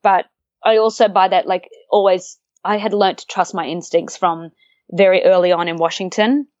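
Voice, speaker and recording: Young woman, casual interview guest, lower voice, dry, slightly dull recording. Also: steady tone, normal speed, darkish tone, no echo. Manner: chatty, laughing, acts out quoted voices.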